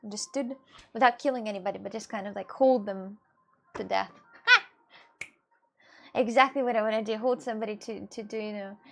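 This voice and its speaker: A woman's voice: medium pitch, steady tone, brisk, gravelly, long pauses, pushed and bright. A woman with a chatting casually to her viewers, rambling and restarting with many fillers. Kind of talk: casual chat.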